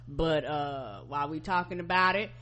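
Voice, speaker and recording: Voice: medium pitch, normal speed, sharp tone. Blunt podcast co-host from the South. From American South. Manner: blunt, profane, dismissive. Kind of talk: casual comedic chat.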